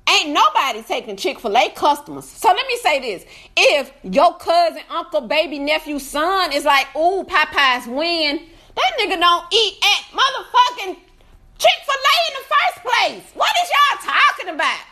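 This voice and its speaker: Woman, live food-review rant; loud, profane, swooping and animated delivery, bright edge. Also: very high voice, normal speed. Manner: laughs through her complaints. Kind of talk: casual ranting review.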